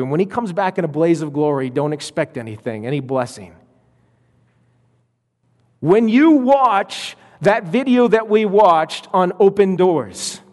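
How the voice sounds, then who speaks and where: A middle-aged male pastor preaching a sermon, emphatic and slowing down to stress key lines. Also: high-pitched, darkish tone. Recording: long hall reverb.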